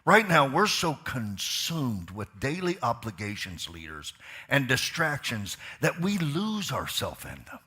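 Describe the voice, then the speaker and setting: A man preaching a sermon as a pastor in a church, swinging from quiet asides to loud, fired-up preaching and putting repeated questions to his listeners. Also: mid-range voice, very animated, unhurried. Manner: asks the crowd questions, repeats lines for emphasis. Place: church sanctuary.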